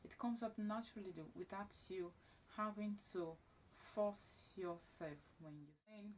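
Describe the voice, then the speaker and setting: A woman's voice: mid-range voice, a little slow. A woman teaching elocution to camera, stressing key words and repeating her main points. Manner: emphatic, repeats key phrases. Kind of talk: instructional talk to camera.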